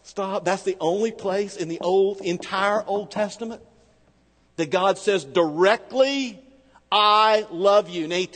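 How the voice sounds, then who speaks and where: A man with a high-pitched voice preaches in a relaxed, storytelling way, dropping into slow, deliberate phrasing for emphasis. His voice carries a long reverb tail, as if from a large sanctuary. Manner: conversational storytelling with emphatic slowdowns. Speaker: pastor. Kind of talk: sermon with personal story.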